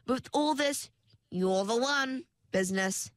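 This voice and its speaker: Storybook wraith, male, raspy and nosy, drawls smugly at an unhurried pace, as a woman reader puts him on. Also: on the high side, no room sound, clean studio sound, pitched above the performer's own voice. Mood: whining. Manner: slow, drawling, self-satisfied. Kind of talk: storybook narration.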